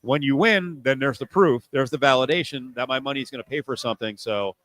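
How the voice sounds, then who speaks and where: A man hosting a sports talk radio show, animated and sarcastic, often mocking people in put-on voices. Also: mid-range voice, fairly quick, dry recording, poor audio. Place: radio studio. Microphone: studio mic.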